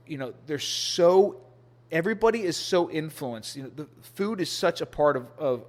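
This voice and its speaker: Casual man on a podcast, tells stories with lots of restarts, jumps way up in pitch doing other people. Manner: animated storyteller, acts out quotes with rising pitch. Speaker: podcast guest. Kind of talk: casual storytelling interview.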